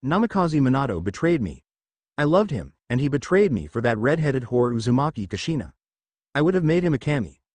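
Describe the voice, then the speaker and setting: A cold, commanding sorceress queen, scheming and possessive, speaking through a captured boy, read by a man in his plain voice. Her lines rise and fall in a lively way. The recording is dry and close. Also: mid-range voice, brisk, dry recording.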